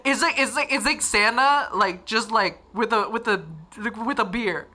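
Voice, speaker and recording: A woman's voice: on the high side, a little slow, pushed and bright. A young woman from Northern Ireland with a Northern Irish accent, chatting casually on a livestream and reading viewer comments, giggly and rambling with lots of restarts. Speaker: livestream host.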